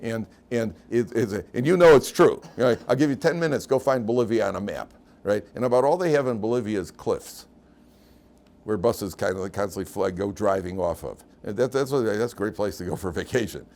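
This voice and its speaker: An older male rabbi lectures with a low, deep voice, weaving self-deprecating anecdotes into his teaching. His humor is dry, and his stories run long and loose. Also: animated, a little fast, a little mellow.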